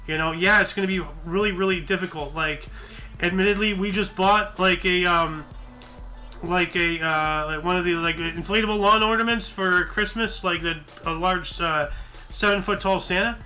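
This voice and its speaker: A man's voice: sits high, steady tone, normal speed, pushed and bright, faint music behind. A tired man hosting a news show, reading articles aloud and breaking off into rambling asides full of fillers and restarts. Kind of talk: casual news commentary read from articles.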